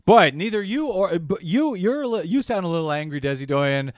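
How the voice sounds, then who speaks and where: A man's voice: sits high, lively intonation, fairly quick, hardly any pauses, no echo, studio quality. A man hosting a political talk radio show, emphatic and indignant, often repeating his phrases.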